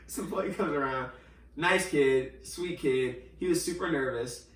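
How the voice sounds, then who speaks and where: A fairly high-pitched man speaks at a measured pace while hosting a podcast, telling a casual story in which he acts out the dialogue and uses many fillers. He sits far from the mic, so the sound is roomy and a bit off axis.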